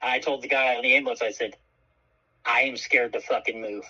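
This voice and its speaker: A man's voice: mid-range voice, fairly quick, slightly rough, highs cut off. A man co-hosting a radio show, telling a story in a casual, profane way and acting out the voices of the people in it. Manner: animated, profane, acts out quoted voices.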